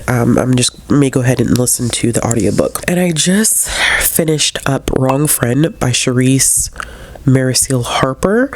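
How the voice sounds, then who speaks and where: A woman's voice: a bass voice, darkish tone. A young adult woman with a congested, stuffy voice, chatting casually and earnestly in a book vlog, with many fillers and restarts. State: congested from a cold. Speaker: book vlogger. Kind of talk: casual reading vlog chat.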